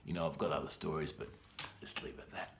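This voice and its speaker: A man's voice: extremely low pitch, level tone, fast, creaky, a little hiss or hum. An Australian man, an English teacher, telling a true story in a laid-back, rambling way, full of "man" and "you know". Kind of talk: casual storytelling.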